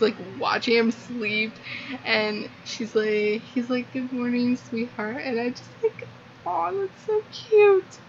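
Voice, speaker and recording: A woman's voice: a little high, a bit bright. A young woman gushing through a casual book review, peppering almost every phrase with "like". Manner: gushing, filler-heavy, lots of "like". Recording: muffled lo-fi with faint hiss.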